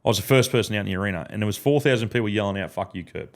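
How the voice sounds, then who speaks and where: A man's voice: on the low side, very fast. An Australian man and podcast host, chatting casually in a studio and telling rambling stories full of swearing and restarts.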